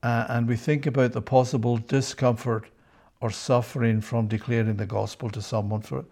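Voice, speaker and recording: A man's voice: medium pitch, level tone, normal speed, creaky, darkish tone. A man teaching a Bible passage in sermon style, emphatic and repeating key phrases, often checking in with his listeners. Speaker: preacher.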